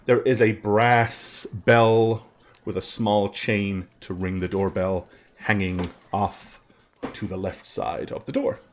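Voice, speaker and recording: A man's voice: fairly low pitch, little pitch movement, slow pace, slight background noise. A man narrating a tabletop game as game master, rambling through scene descriptions with lots of ums.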